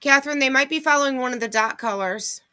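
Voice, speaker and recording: Woman, middle-aged, bright tone; casual livestream host, chatty, lists items and replies to comments. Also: sits high, fast talker, clear, resonant tone.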